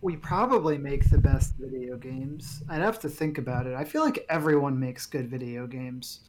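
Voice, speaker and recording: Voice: mid-range voice, normal speed, a little hiss or hum. A podcast co-host chatting casually about video games with dry, teasing remarks. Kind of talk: casual chat.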